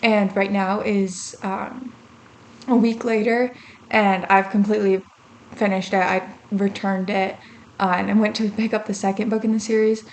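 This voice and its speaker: A woman's voice: mid-range voice, normal speed. A young woman vlogging to camera, telling a story in a casual, chatty way with lots of fillers and acted-out reactions. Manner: chatty and animated, lots of fillers, acts out her own reactions. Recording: faint background noise.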